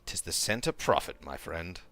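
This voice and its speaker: A man's voice: low-pitched, animated, normal speed, bright, forceful tone, exaggerated voice. A man putting on a greedy folksy merchant. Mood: sly. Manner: folksy old-timey drawl. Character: smooth-talking older male merchant, greedy.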